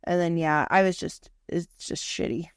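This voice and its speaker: Speaking at a moderate pace in a lowish, clean-toned voice, this young woman co-hosts a laid-back podcast chat. The sound is dry and clean, straight from a studio, as she chats through stories, curses, laughs and imitates what others said.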